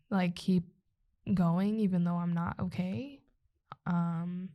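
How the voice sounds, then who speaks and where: Halting, emotional young woman podcaster. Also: medium pitch. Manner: emotional, halting, trying not to cry. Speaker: podcast co-host. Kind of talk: casual heartfelt chat. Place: indoor podcast recording.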